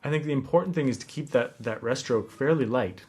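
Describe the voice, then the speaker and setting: A man teaching classical guitar, explaining technique calmly and counting out the rhythm as he goes. His voice sits in a middle range. Loud guitar playing runs behind him. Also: mid-range voice, fairly quick. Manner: relaxed, explanatory, counting beats aloud. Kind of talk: instructional lesson talk.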